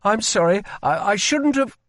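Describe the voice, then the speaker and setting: A man voicing a brash, impulsive young prince, pitched well above his narrating voice. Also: big pitch swings, a little slow, dry recording, clean studio sound, exaggerated voice. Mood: guilty. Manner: eager, impulsive, boastful.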